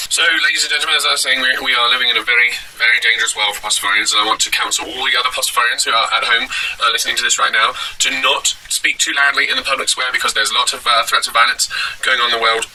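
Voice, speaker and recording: A man delivering a deadpan satirical monologue at home, rambling and halting with many fillers. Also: mid-range voice, distant mic, slight background noise, rough recording. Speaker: comedic vlogger in character.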